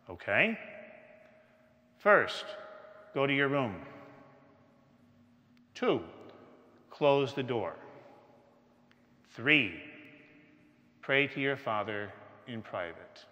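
A man preaching a sermon slowly and emphatically, with dramatic pauses. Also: medium pitch, very animated, sharp tone. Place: church. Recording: long church reverb.

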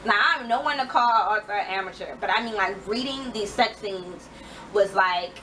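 A woman's voice: medium pitch, normal speed, sharp tone, far from the mic, a little hiss or hum, low-quality recording. A woman ranting frankly about books in a casual reading wrap-up vlog, full of fillers and swearing. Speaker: book vlogger.

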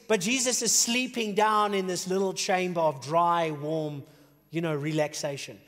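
A male pastor preaching a sermon in an animated way, swinging between shouted peaks and hushed, low passages. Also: normal speed, in a large hall. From South Africa. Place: church auditorium.

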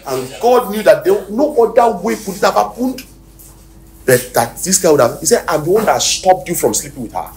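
A Nigerian-accented man preaching a sermon as pastor, swinging from loud shouted exhortations to quiet near-whispers. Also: high-pitched, animated, normal speed. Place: church hall. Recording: echoey hall, distant mic, faint noise.

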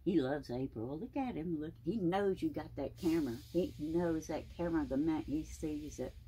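A snake keeper with a low, mellow voice talks at a moderate pace to her pet snake, cooing and baby-talking affectionately in a casual way. The audio is poor, with a little hiss or hum.

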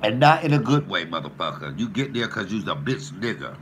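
A man, a comedian, ranting profanely with loud trash talk and mock threats while cooking. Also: lowish voice, big pitch swings, brisk, slight background noise. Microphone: camera mic in a home kitchen.

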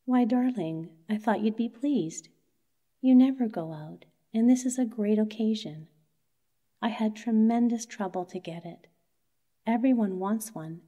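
A woman voicing an earnest young male clerk who pleads with his wife in a bedtime story, in a gently insistent manner. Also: on the high side, measured pace, dull audio. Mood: coaxing.

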